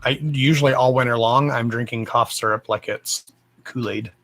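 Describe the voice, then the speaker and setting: This man's voice is medium-pitched and fairly bright, with fairly even intonation and a moderate pace, on a low-quality recording. A Texan-accented psychic, he hosts a casual live stream, chatting freely, greeting viewers with endearments, and swearing casually.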